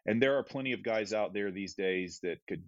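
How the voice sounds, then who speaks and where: Low-voiced man, rambling and relaxed. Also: brisk, no echo. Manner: relaxed, rambling, many fillers and restarts. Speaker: guest theologian. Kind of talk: casual podcast conversation. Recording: dull, slightly lo-fi dry audio.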